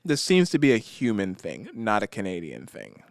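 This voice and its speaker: A man's voice: fairly low pitch, huge pitch swings, normal speed, creaky, no room sound, clean studio sound. An American man co-hosting an English lesson, chatting casually and switching between English and Mandarin with frequent laughter. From United States. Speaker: co-host English teacher. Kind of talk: casual bilingual lesson chat.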